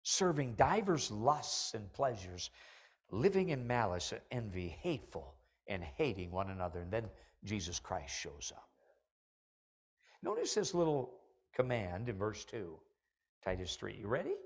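A middle-aged man preaching a sermon from the pulpit of a church, animated and building to loud, emphatic peaks. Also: lowish voice, unhurried, husky. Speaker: pastor. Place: church sanctuary.

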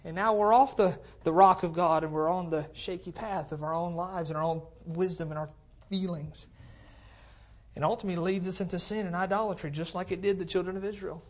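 A man's voice: sits high, steady tone, fairly quick. Brief: male pastor, conversational sermon in a church, cordless mic, emphatic repetition, frequent "okay? all right?". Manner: repeats phrases for emphasis. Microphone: cordless handheld mic.

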